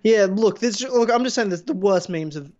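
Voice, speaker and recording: A man's voice: sits high, expressive, moderate pace, a little mellow, highs cut off. A man co-hosting a casual podcast, blunt, sarcastic and profane. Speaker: podcast co-host.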